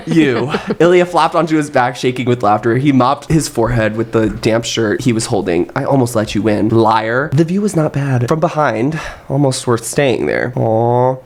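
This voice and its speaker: A man's voice: mid-range voice, animated, unhurried. A man chatting casually with a friend, swearing and laughing often, and reading a romance novel aloud. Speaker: co-host reading a book aloud. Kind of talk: casual chat and read-aloud. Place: Brooklyn.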